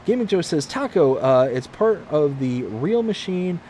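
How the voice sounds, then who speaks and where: A man's voice: on the high side, very animated, a little slow, warm tone, slight background noise. A man hosting a casual gaming livestream from home, reading viewer comments aloud in a friendly, upbeat way. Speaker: livestream host. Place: home room, mostly packed up.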